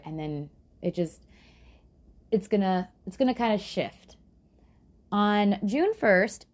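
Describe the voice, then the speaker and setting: Chatty, swearing woman with a lively, mellow voice. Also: medium pitch. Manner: chatty, swears, sarcastic asides. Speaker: true crime podcast host. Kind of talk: casual true crime storytelling.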